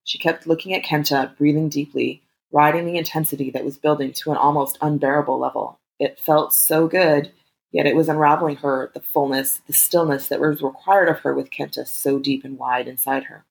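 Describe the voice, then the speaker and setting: A woman reading an erotic story aloud in a calm, steady narration. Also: deep voice, fairly quick, creaky, low-quality recording.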